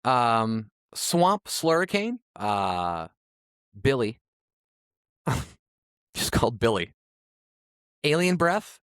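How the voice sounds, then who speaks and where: Lively-pitched man with wry asides. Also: drawn-out words, pauses often, clear, resonant tone, no echo, clean studio sound. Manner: reads out odd names with wry asides. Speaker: podcast co-host. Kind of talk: casual chat.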